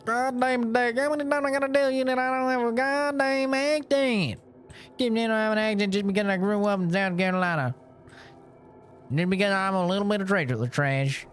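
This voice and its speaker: A woman's voice: fairly high pitch, brisk, faint music behind, pitched above the performer's own voice, lightly acted. A woman putting on a brash woman with a Southern US accent who defensively insists she has no accent.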